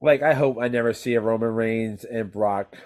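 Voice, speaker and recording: A man co-hosting a wrestling podcast, chatting casually in an animated, rambling way with frequent swearing. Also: on the low side, moderate pace. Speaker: podcast co-host. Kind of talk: casual chat.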